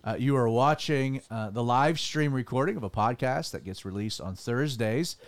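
A man's voice: medium pitch, moderate pace. A man, a pastor hosting a casual studio podcast, joking and rambling with restarts.

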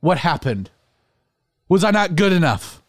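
A man's voice: a little high, sing-song, a little slow, no echo, studio quality. A man acting out a heartbroken, angry young man betrothed to a woman, speaking in a hurt, accusing way.

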